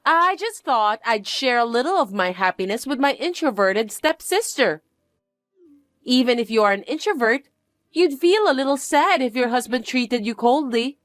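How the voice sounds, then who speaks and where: A woman's voice: fairly high pitch, expressive, moderate pace, fairly bright tone, no room sound, faint music behind. A woman voicing a spoiled, boastful young stepsister who talks in a condescending, whiny and demanding way. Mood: smug, bratty. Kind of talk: dramatized story reading.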